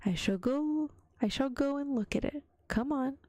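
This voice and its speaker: A gentle, reassuring young boy, acted out by a woman, in a soft whispered role-play. His voice sits a little higher than hers, and the recording is close and dry. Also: moderate pace, no room sound, close to an everyday voice. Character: kind, cheerful young boy.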